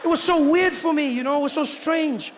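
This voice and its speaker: A young man from Johannesburg with a South African accent, telling a stand-up story in an animated, self-mocking way. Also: very high voice, a little fast, a little hiss or hum. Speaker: stand-up comedian. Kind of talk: stand-up comedy routine.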